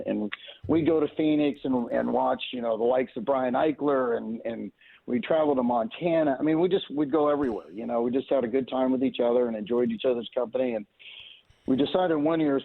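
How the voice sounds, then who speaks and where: A man calls in and tells a long string of stories about racing in a loose, meandering way, often stopping to restart a sentence. His voice has a gravelly edge, and it comes through a thin, tinny phone line. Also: medium pitch. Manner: rambling, lots of "you know" and restarts. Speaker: race car owner, guest. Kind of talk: casual anecdotal storytelling.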